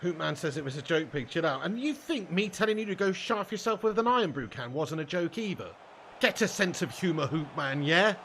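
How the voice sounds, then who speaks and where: A young man with a high, bright-sitting voice rants in mock anger at his stream chat, swearing freely between game moments. Faint background hiss sits under the talk. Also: expressive, brisk. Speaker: gaming live streamer. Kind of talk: live stream chat banter while gaming.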